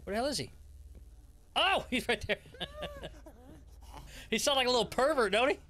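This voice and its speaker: Young male gamer, bright, lively voice, swears a lot, laughs through the scares. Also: very high voice, normal speed. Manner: excitable and profane, laughs often. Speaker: gaming streamer. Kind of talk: horror gameplay commentary.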